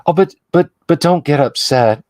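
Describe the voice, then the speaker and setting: A man's voice: on the high side, moderate pace, darkish tone, no room sound, voice pushed up, close to an everyday voice. A man voicing an insane female sculptor who giggles and taunts in a sing-song way. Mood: mocking.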